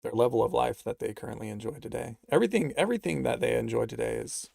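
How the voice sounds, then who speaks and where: A man hosting a livestream, talking in a sarcastic, rambling way and reading out messages from his chat, with stretches of mock-anxious rapid-fire questions. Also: medium pitch, expressive, vocal fry, darkish tone, no echo, studio quality. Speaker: livestream host.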